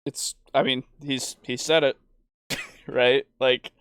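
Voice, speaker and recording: A man's voice: mid-range voice, level tone, takes it slowly, fairly bright tone, a little hiss or hum. A man co-hosting a tabletop gaming podcast, talking casually in a rambling way with frequent laughs. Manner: rambling, with fillers and restarts, laughs often. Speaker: podcast co-host. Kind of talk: casual chat.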